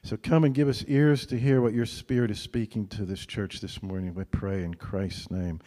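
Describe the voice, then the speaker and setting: Speaking in a fairly low register, this male pastor preaches casually, as though talking with friends. He keeps checking in with a brief "right?", and the recording has a big-room feel.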